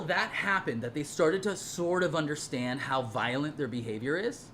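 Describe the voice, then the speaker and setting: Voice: mid-range voice, moderate pace, few pauses, a bit bright, slight background noise. A speaker telling a personal story in a casual monologue, heated and profane, rambling with frequent repeats and restarts.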